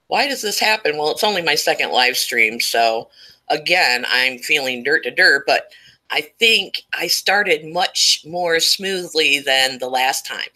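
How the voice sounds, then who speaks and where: A woman runs a casual live stream through a cheap microphone, her voice bright and a little tense. She talks at an unhurried, drawn-out pace and keeps breaking off to greet viewers by name. A slight tickle sits in her throat. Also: low-pitched, animated, rough recording. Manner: chatty, greets viewers by name while talking.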